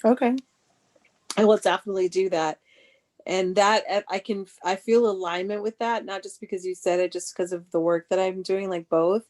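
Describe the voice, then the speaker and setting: An older grandmother in casual conversation, chatty and quick to tell stories, heard over a video call. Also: medium pitch, fairly even intonation, a little mellow. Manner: chatty, laughing storyteller. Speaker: coaching guest.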